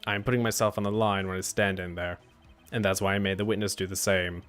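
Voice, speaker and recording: A man voicing a calm, stern male prosecutor who speaks in a low, measured, formal way. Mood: grave.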